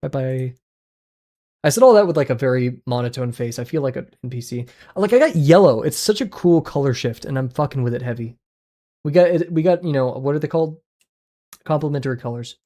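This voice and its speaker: Male streamer at a desk mic, casual running chat, mid-pitched, quick yelps and muttered asides. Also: lively intonation, mellow. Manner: chatty, reacting aloud with sudden yelps and mumbled asides. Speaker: art livestreamer. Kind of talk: casual livestream chat playing daily web games.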